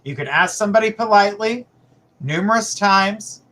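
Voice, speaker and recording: Bright-voiced male psychic host. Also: high voice, lively intonation, normal speed. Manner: blunt, emphatic advice with repeated phrases. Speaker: psychic reader, show host. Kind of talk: live-stream psychic reading.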